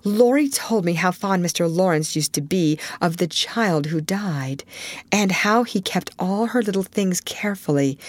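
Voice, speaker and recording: Woman audiobook reader, lowish voice, dry close sound. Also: no room sound. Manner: measured storytelling. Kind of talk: scripted narration.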